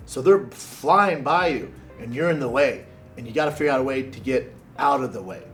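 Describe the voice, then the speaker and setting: A man hosting a vlog, telling an animated, crude story in a casual way. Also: mid-range voice. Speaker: host.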